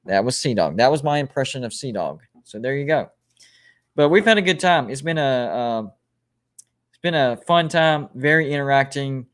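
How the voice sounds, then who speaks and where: A man's voice: mid-range voice, animated, normal speed, fairly bright tone. Rambling man hosting a sports livestream. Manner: rambling, self-correcting, reads out ranked lists. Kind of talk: casual live-stream chat, reading viewer comments.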